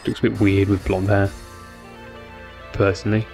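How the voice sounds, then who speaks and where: Sleepy male streamer, loose chat with viewers, lowish voice, some gravel, soft game music in the background. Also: level tone, normal speed, pauses often. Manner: rambling, chatty with viewers, many fillers. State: tired. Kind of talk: casual live-stream chat.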